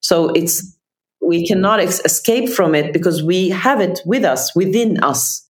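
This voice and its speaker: A woman therapist explaining nervous system ideas in a thoughtful, explanatory way, often pausing to rephrase. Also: lowish voice, animated. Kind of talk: casual conversation.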